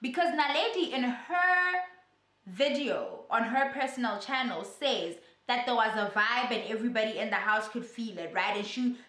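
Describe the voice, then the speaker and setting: A young woman dishes on internet drama in a chatty, sassy vlog. Her voice sits fairly high and sounds bright and sharp. The room around her gives an echo. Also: normal speed. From South Africa. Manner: chatty, animated and sassy storytelling. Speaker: YouTuber. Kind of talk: casual gossip vlog commentary.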